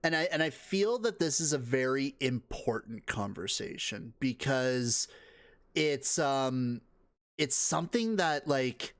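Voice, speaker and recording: Brief: male reaction host, mid-pitched, chatty and loose, dry close sound. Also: lively intonation, slow, fairly bright tone, no room sound. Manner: chatty, laughs often, swears. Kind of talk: casual reaction commentary.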